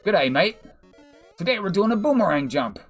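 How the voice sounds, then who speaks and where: A man putting on a deliberately bad Australian accent as a cheerful bloke, mid-game on a livestream. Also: high voice, big pitch swings, faint music behind, pitched above the performer's own voice, exaggerated voice. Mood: chirpy. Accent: put-on Australian. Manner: jokey, exaggerated.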